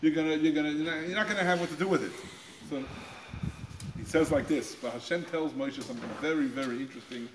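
Male guest speaker, slightly higher voice, teaching Torah to teens, animated with quotes, repeats words, reverberant school space. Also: fast talker, slight background noise. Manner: acts out quoted voices with pitch jumps; repeats words while finding phrasing. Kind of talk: Torah talk to high school students. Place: school room.

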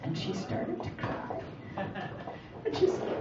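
A woman's voice: medium pitch, wildly swooping pitch, slow, pauses often, noisy background. A woman in her forties doing a chatty stand-up set in a comedy club, teasing the audience with questions. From Canada. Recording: echoey, distant, muffled club recording. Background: audience laughter and crowd.

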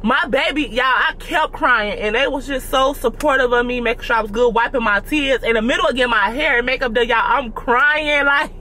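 A woman's voice: on the high side, brisk, few pauses, pushed and bright, a little hiss or hum. A young woman chatting casually to her viewers, calling them y'all. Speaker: vlogger. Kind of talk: casual mukbang chat to viewers.

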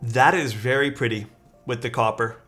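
A man's voice: mid-range voice, fairly even intonation, normal speed, sharp tone. A man talking casually on a live stream as he unboxes keyboard parts and thanks his chat. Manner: thanks chat, muses aloud while unboxing. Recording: faint music behind.

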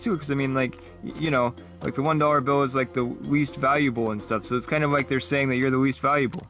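A man at an ordinary middle pitch, performing a scripted comedy sketch on his own. He hops between goofy character voices, some high and excited, some low and mumbling. Faint music plays under his voice. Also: fast, hardly any pauses. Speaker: comedy sketch creator voicing several characters.

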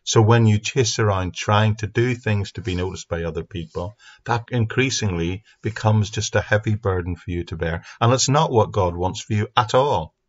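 A man teaching a Bible passage on his podcast in an earnest, steady way. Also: on the low side, normal speed, few pauses, dull audio. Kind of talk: recorded Bible study podcast. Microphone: speaking into a mic.

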